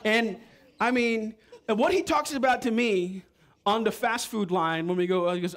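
Man, pastor, sermon, animated, joking, fairly high voice. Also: normal speed. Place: church.

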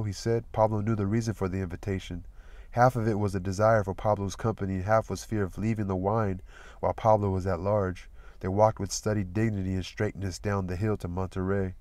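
A man reading a novel aloud as narrator, in a steady, measured storytelling manner. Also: low-pitched, no room sound. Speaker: audiobook reader.

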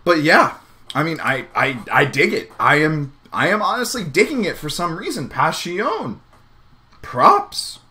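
A man talks through an anime episode as he watches it. His voice is bright and a little tense, and it swings widely up and down in pitch. He is excitable and chatty, and he stops often to think aloud. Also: unhurried. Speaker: anime reaction vlogger. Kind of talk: live reaction commentary.

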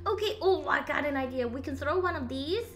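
A woman streaming a video game live, chatting casually with viewers, giggling often and swearing when startled. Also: high voice. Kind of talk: casual live gameplay chat.

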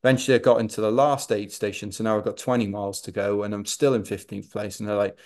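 A man's voice: fairly low pitch, fast talker. Man telling a wry running story. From Wales. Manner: animated, self-deprecating humour. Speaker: podcast guest, ultrarunner. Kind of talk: anecdotal storytelling.

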